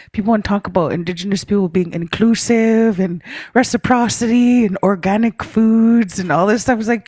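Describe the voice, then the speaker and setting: A woman telling a personal story to a leaders' meeting, relaxed, often ending phrases with "hey?" or "eh?" and clearing her throat. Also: mid-range voice, dry recording. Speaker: speaker at a First Nations leaders' caucus. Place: meeting room.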